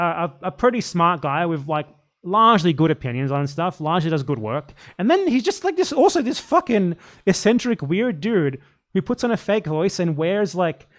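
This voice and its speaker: A man doing casual live commentary, reacting to a video with a blunt, profane, excitable rant. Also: high-pitched.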